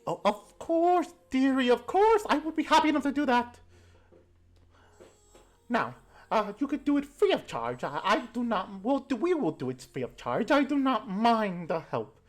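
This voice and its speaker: A woman voicing a sweet, fussy old grandmother who runs a farm, in a doting, drawn-out singsong manner. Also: a little high, sing-song, pitched above the performer's own voice. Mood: welcoming.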